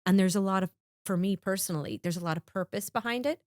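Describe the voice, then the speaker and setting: A woman hosting a casual podcast interview, chatty and animated, swearing casually. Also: mid-range voice, quick pace, dry recording, studio quality. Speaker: podcast host.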